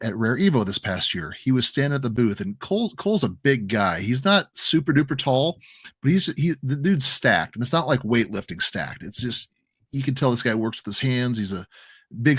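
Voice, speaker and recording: A man's voice: mid-range voice, fairly bright tone, dry recording. Earnest man telling a rambling story. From American Midwest. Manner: emotional, rambling storytelling with many restarts. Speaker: crypto stream co-host. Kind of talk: casual livestream chat.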